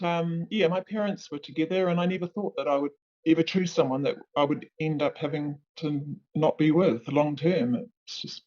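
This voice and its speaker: Halting woman on a dull lo-fi recording. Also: low voice, dark tone. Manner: halting, searching for words. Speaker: interview guest. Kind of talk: personal account in an interview.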